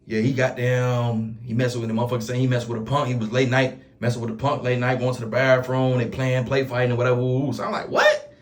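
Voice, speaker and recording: A man's voice: mid-range voice, quick pace, few pauses. A man telling a prison story to camera in slangy, casual talk, piling up oaths and fillers. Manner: slangy, repeats oaths and fillers, animated retelling.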